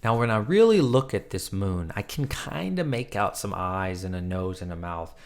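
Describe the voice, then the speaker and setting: Dude hyped up recapping a comic, kinda low voice, rambly chill vlog talk. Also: male voice, expressive, normal speed. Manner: enthusiastic, chatty plot retelling. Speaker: comic book reviewer. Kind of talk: casual comic review vlog.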